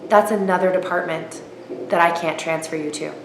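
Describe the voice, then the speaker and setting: A woman's voice: on the low side, fairly even intonation, normal speed, lightly acted. A woman voicing a perky, polite young male phone rep, chipper and soothing. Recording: roomy echo with faint noise.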